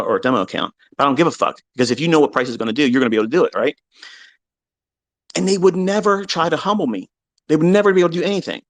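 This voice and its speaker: A man hosting a live online audio chat, ranting heatedly and profanely, swinging between loud outbursts and low mutters. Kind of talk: heated unscripted rant. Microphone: online audio room.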